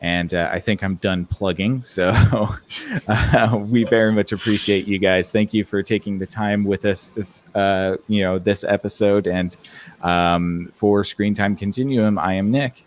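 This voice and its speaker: A man hosting a casual movie and TV podcast, talking in a relaxed, rambling way with lots of fillers. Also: fairly low pitch, unhurried, slight background noise. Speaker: podcast host.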